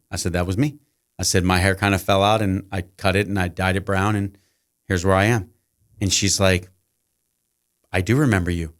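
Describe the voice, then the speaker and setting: Middle-aged teacher guest, low smooth voice; chatty storyteller who plays out every exchange. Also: male voice. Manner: long anecdotes, acting out quoted dialogue. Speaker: guest, high school teacher. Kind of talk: casual podcast storytelling.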